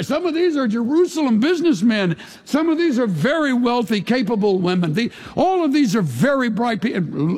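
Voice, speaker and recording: A pastor preaching a sermon to his congregation, dramatic and emphatic, sometimes dropping to a hushed voice. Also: sits high, sing-song, normal speed, creaky. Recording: long reverb of a large hall.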